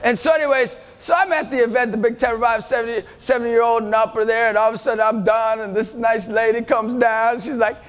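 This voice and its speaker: A man in his thirties giving an intense, shouting, jokey faith talk to a live audience. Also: extremely high pitch, flat delivery, quick pace, hardly any pauses. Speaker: youth speaker. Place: large event hall. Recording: long hall reverb, faint crowd.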